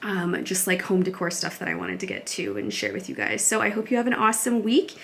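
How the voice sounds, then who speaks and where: A woman's voice: on the low side, very animated, a little fast, creaky, slight background noise. A young woman, a beauty vlogger and mother, chatting casually to the camera at home in a bubbly, gushing way with plenty of fillers. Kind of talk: casual vlog chat to camera. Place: at home, in her mud room.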